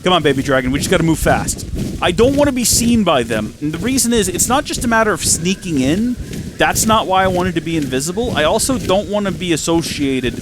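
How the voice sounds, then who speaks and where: A man hosting a gaming channel, talking excitedly to himself and the game as he plays. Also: high-pitched, brisk, noisy background. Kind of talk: let's-play commentary.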